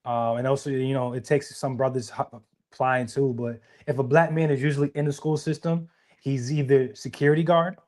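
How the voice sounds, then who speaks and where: A man's voice: mid-range voice, little pitch movement, brisk, a little mellow. A young man, co-hosting a podcast in casual, emphatic conversation and often repeating himself. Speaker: podcast co-host.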